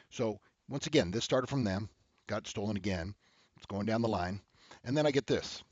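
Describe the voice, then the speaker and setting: A man's voice: on the low side, lively intonation, moderate pace, no room sound, highs cut off. A man hosting an advice show who talks bluntly and heatedly, and keeps checking in with "okay?". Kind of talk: casual advice talk to camera.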